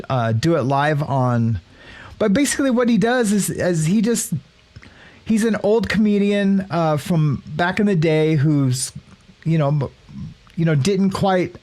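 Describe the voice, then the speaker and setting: A man's voice: on the high side, darkish tone. A man hosting a casual morning live stream, rambling with lots of fillers and restarts as he greets viewers by name. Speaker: livestream show host.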